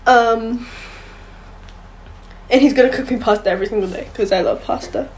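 A woman's voice: on the high side, normal speed, low-quality recording. A young woman co-hosting a casual chat, bubbly and rambling, with lots of fillers. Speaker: podcast co-host.

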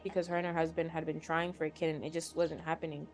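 A woman's voice: lowish voice, little pitch movement, fast, a little mellow, soft background music. Young woman casually retelling a story. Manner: chatty, filler-heavy retelling. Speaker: podcast co-host.

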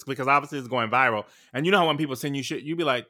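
A man co-hosting a podcast, sassy and animated in casual chat, quick to call people names. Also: mid-range voice. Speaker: podcast co-host.

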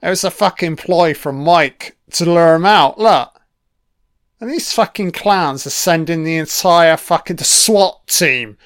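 A man's voice: a little high, unhurried, few pauses, a bit bright, no echo, clean studio sound. A man giving casual, sweary film commentary, sardonic and mocking.

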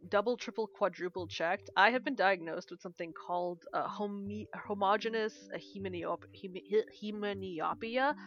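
A young woman co-hosting a podcast, chatting casually, swearing freely and laughing often as she retells things with animated energy. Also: mid-range voice, lo-fi sound. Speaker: podcast co-host. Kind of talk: casual chat.

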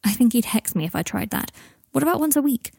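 A woman voicing an earnest young man in a storybook reading, gentle and sincere. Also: a little high, animated, fast talker, creaky, husky, no room sound, clean studio sound, pitched above the performer's own voice, full character voice. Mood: kind. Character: young man writing a heartfelt letter.

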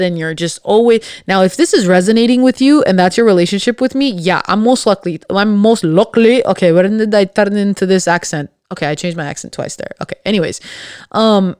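A woman's voice: mid-range voice, a little mellow, clear, resonant tone, no echo, clean studio sound. A woman hosting a solo podcast, talking in a sassy, blunt and emphatic way, sarcastic and witty. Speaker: podcast host.

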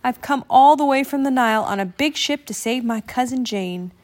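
A woman's voice: high voice, normal speed, natural voice. A woman reading a storybook aloud, voicing an eager, earnest young male crocodile in a slightly raised voice.

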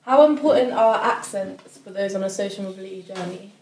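Fast-talking young woman, echoey and distant. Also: medium pitch, darkish tone. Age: young adult. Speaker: student co-host asking questions. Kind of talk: podcast interview questions. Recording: echoey room, voice far from mic.

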